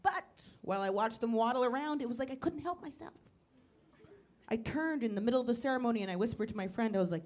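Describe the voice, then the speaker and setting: A woman comedian on a club stage, doing crowd work and a stand-up set in a neurotic, self-deprecating way, breaking into loud mock panic. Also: fairly high pitch, lively intonation, fast talker. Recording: live club recording with audience noise.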